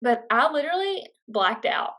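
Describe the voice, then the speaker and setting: A woman's voice: high voice, big pitch swings, moderate pace, bright, forceful tone. A young woman vlogger casually telling a personal story, chatty and full of fillers. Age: young adult.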